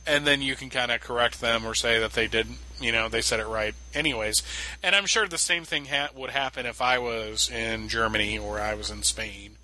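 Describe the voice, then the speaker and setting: A man's voice: mid-range voice, normal speed, sharp tone, poor audio. A man co-hosting a casual podcast, joking and restarting his sentences as he explains. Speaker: podcast co-host. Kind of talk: casual comic-book discussion.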